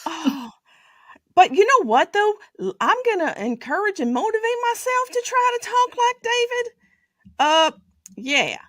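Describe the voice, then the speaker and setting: Woman host, high lively voice, slow and playful, dry close sound. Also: dry recording. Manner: chatty, playful, drawn-out speech. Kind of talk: casual chat.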